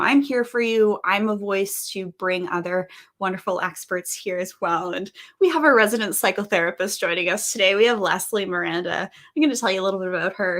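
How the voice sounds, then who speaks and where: A woman hosting an interview podcast, earnest and upbeat, with lively emphasis. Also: medium pitch. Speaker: podcast host.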